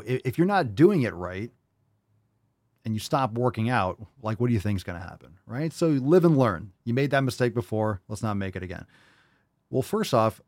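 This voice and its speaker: A man's voice: mid-range voice, a little mellow, no echo, studio quality. A man hosting a podcast who answers a caller's question in blunt, rambling, direct coaching talk. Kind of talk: casual advice talk.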